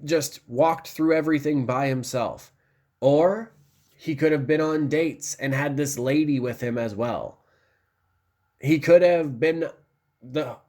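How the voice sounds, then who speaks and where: Excited, rambling male film reviewer. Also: fairly high pitch. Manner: enthusiastic and rambling, lots of fillers. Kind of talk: casual film review talk.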